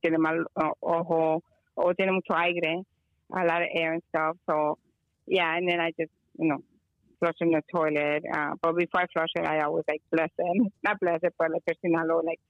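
Speaking at normal speed in a low-pitched, level tone, a guest healer rambles through a long story on a phone or video call. She slips in Spanish words and plenty of fillers; there's no echo, but the call audio is dull and lo-fi.

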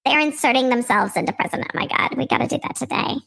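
A woman using a voice changer to make her own voice squeaky and high, fooling around playfully. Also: quick pace, gravelly, fairly bright tone, husky, exaggerated voice. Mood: goofy. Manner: playful, goofy.

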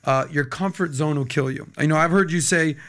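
A man's voice: on the high side, a little fast, a bit bright. A man from the United States hosting a podcast, chatting casually and eagerly, cracking jokes and asking his guest questions. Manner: enthusiastic, jokey, asks questions. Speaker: podcast host. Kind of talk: casual interview chat.

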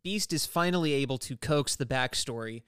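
A man's voice: mid-range voice, moderate pace, a bit bright, clean tone, no echo, studio quality. A man co-hosting a podcast, explaining comic backstory in casual chat and often correcting himself mid-sentence. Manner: rambling, self-correcting explainer. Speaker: podcast co-host, comics expert. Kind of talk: casual chat recapping an episode.

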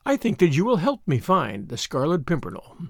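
A man's voice: a little high, wildly swooping pitch, a little fast, gravelly, no echo, clean studio sound, heavily acted. A man voicing a sly, vicious male French spy who gloats and murmurs through clenched teeth.

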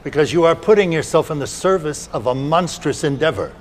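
Actor doing a cold stern old grandpa lecturing someone, tv drama scene. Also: male voice, a little high, animated, a little fast, slight background noise, natural voice. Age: older.

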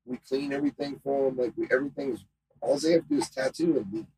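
A man guesting on a casual podcast, excitable and profane, saying "bro" a lot. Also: medium pitch, fast talker, vocal fry, poor audio. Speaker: podcast guest and tattoo shop owner.

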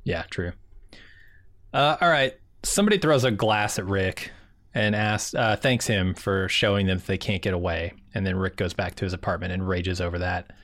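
A man's voice: fairly low pitch, a bit bright, no echo, studio quality. A man co-hosting a podcast in casual chat, wry and joking. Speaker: podcast co-host.

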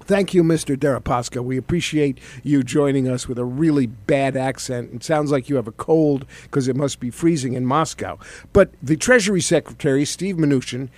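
A man's voice: mid-range voice, normal speed, darkish tone, no echo. A middle-aged man hosting a political commentary show, sardonic and conversational, with fillers. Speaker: talk show host, former congressman.

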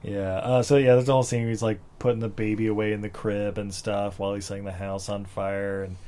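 A man casually recapping a movie on a podcast, laughing a lot and acting out lines in silly high voices. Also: little pitch movement, fast, dark tone. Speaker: podcast co-host. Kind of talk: casual movie review chat.

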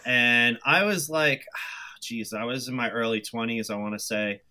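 A man's voice: mid-range voice, a little slow, bright, forceful tone. A man in his thirties with a New York accent, a guest telling stories in a chatty way and acting out his own past remarks. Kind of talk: casual interview chat.

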